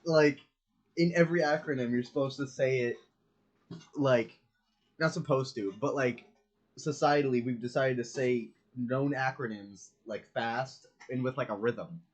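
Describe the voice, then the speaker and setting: A man co-hosts a casual podcast in a steady, mid-range voice at a measured pace. He rambles, argues, and laughs a lot throughout the chat.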